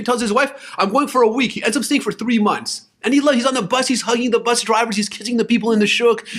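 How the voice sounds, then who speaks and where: A young man with a fairly bright voice that sits high talks casually, urging listeners to move to Israel, where he lives. He tells stories with voiced quotes and restarts himself frequently.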